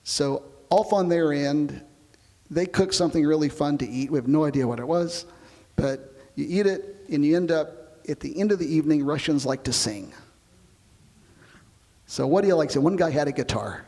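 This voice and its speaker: Male astronaut interviewee, gravelly, easy storyteller, reverberant recording. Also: on the high side, moderate pace. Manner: relaxed storytelling, explains with comparisons. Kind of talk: oral history interview.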